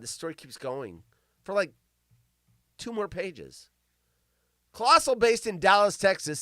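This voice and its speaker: Male live-show host; clear, smooth voice swinging wide in pitch, crude self-mocking humor. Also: sharp tone, no echo, clean studio sound. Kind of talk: live comedic news chat.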